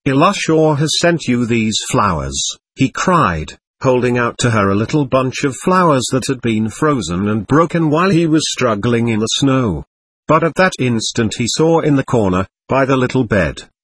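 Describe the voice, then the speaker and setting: A man narrating a novel as an audiobook, reading in an expressive, lively way. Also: medium pitch, breathy edge, no room sound.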